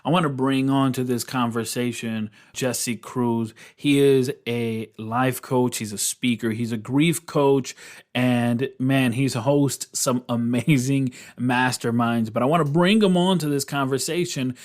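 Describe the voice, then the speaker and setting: A man speaks with earnest warmth of purpose in a middle-pitched voice, talking straight to his listeners like a coach. He presses his points by saying them twice. It is heartfelt motivational podcast talk. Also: fairly even intonation, measured pace. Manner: earnest, encouraging, repeats key phrases.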